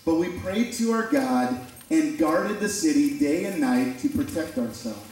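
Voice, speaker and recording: A man's voice: on the high side, lively intonation, measured pace, a little mellow. A man preaching a sermon as pastor, talking conversationally and acting out quoted voices. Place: church sanctuary. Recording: very echoey church from a distant mic.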